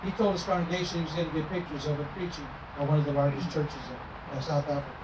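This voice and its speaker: A man's voice: fairly high pitch, quick pace. Distant roomy preacher man telling stories. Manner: animated storytelling, acting out dialogue. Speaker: traveling minister. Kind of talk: sermon storytelling. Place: church sanctuary. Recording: roomy, distant, muffled with noise.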